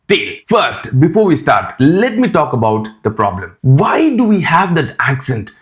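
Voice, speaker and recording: A man's voice: on the high side, unhurried. Brash young man with a blended accent. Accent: mixed Indian and Australian. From India. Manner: brash, cheeky and energetic. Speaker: accent coach. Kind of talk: direct-to-camera teaching vlog.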